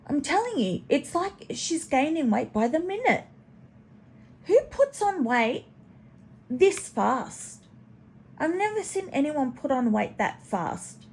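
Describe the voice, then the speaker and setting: Gravelly, slow-talking snarky woman. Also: sits high, big pitch swings. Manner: chatty, snarky, swears, talks to her pet in baby talk. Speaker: commentary channel host. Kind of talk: casual reaction commentary.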